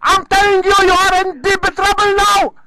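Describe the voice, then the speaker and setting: A man on a phone call, angrily shouting insults and threats. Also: very high-pitched, little pitch movement, normal speed. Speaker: caller. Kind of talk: angry prank phone call. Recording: noisy phone recording.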